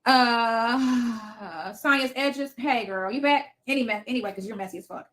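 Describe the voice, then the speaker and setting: A woman's voice: fairly high pitch, a little slow, a bit bright. Blunt, foul-mouthed woman in her fifties. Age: 50s. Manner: blunt, profane, defiant. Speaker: livestream host. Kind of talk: casual livestream chat reading comments. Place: home basement.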